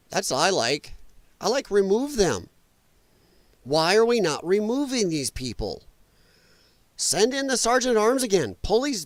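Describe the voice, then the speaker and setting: A man's voice: sits high, no echo. A man from the United States hosting a livestream, reacting to clips with blunt, profane, sarcastic commentary. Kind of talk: casual ranting commentary.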